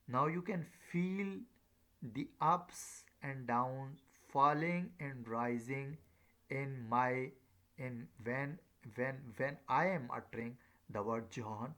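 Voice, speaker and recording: A man giving a recorded lecture, halting often with fillers and repeated words, and acting out rising and falling tones on short example phrases. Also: mid-range voice, a bit bright.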